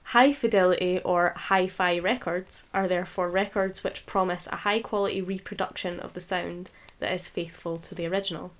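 A woman's voice: fairly low pitch, steady tone, moderate pace, few pauses. A Scottish woman co-hosting a podcast, chatting casually with lots of fillers. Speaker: podcast co-host.

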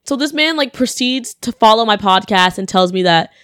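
A young adult woman hosting her podcast, telling a story casually and lively, acting out the people she quotes and laughing often. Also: on the high side, normal speed, clear, resonant tone, no room sound, studio quality. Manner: animated, acts out quoted voices, laughs often. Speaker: podcast host.

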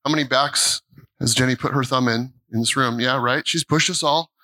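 A middle-aged American pastor preaches in a church sanctuary, telling a story animatedly in a medium-pitched, pushed and bright voice with fairly even intonation at a moderate pace. He stammers and restarts, repeats phrases, and quotes dialogue. The recording is rough.

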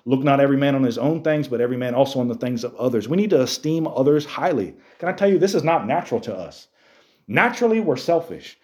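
A man preaching a sermon as a youth pastor, animated, firing rhetorical questions at a youth group. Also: medium pitch, quick pace, few pauses, reverberant.

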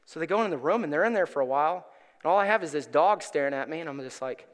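A middle-aged male pastor preaching in a church, his voice high and bright as it swings up and down through a lively story. Long reverb from the hall trails each phrase. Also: fast. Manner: animated, acts out voices in his stories. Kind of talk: storytelling sermon. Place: church sanctuary.

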